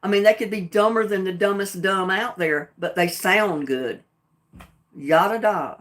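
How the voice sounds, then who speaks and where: A middle-aged woman with a proud Southern US accent chats on her livestream. She is plainspoken and emphatic, pressing her points with defiance, and her voice sits at an ordinary middle pitch. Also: moderate pace. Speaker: livestream host. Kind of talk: casual livestream talk.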